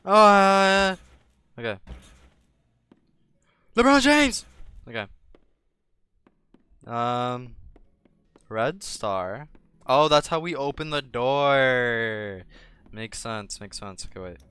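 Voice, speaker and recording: A man's voice: mid-range voice, slow pace, pauses often, bright, forceful tone, smooth, dry recording. A young man commentating his gameplay, trash-talking and yelping when startled. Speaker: gaming streamer.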